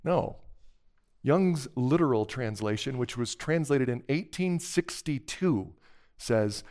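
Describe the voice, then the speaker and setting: A man's voice: medium pitch, expressive, slow, a little mellow. A middle-aged man preaching a sermon as pastor, talking in a conversational, earnest way and breaking into emphatic bursts.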